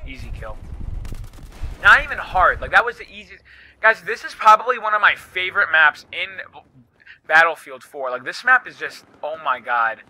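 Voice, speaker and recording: A man's voice: fairly high pitch, expressive, normal speed, sharp tone. A young man giving live commentary over his own gameplay, swearing freely and breaking into frustrated outbursts. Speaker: gaming YouTuber.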